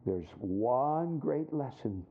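Animated preacher, tinny sound. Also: male voice, slow pace. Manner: animated storyteller, acts out voices, drops low for points. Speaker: pastor. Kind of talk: sermon with storytelling.

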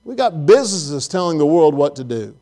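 A man's voice: fairly high pitch, big pitch swings, brisk, warm tone. A man preaching a sermon in a church auditorium, emphatic, repeating phrases and putting questions to the congregation.

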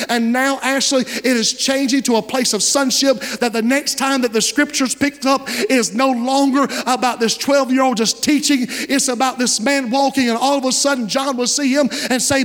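A man's voice: extremely high pitch, a bit bright, big-room sound. A man in his thirties, a pastor preaching a sermon in a folksy storytelling manner and often checking in with his listeners. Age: 30s.

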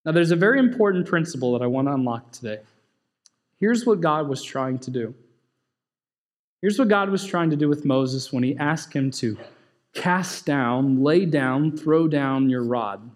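A man's voice: on the high side, expressive, moderate pace. A man preaching a sermon in a conversational way, asking the congregation questions and joking with them. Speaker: pastor.

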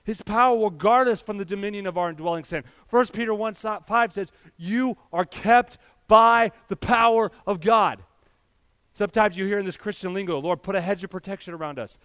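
A man's voice: high-pitched, fast, hardly any pauses, a bit bright, clear, resonant tone, no echo, studio quality. A man in his thirties preaching a sermon as pastor, speaking earnestly and building to emphatic passages as he addresses the church directly.

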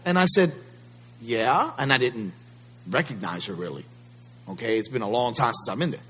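Husky-voiced preacher asking rhetorical questions. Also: male voice, medium pitch, lively intonation, moderate pace, a bit bright. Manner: emphatic, rhetorical questions to the congregation. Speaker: pastor. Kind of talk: sermon.

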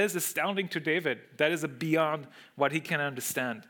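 Before a congregation, a preacher for whom English is not a first language delivers a sermon at a moderate pace with few pauses. His bright, slightly high voice explains the passage, stresses words by repeating them and poses rhetorical questions.

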